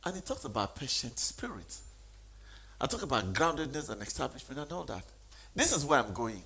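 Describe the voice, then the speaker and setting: A man's voice: mid-range voice, big pitch swings, fairly quick, vocal fry, pushed and bright. A man giving a motivational sermon, speaking emphatically and questioning the audience.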